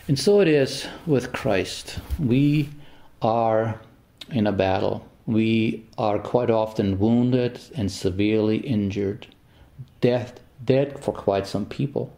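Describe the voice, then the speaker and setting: Man, priest, homily, warm mellow voice, average pitch, unhurried storytelling, pauses and restarts.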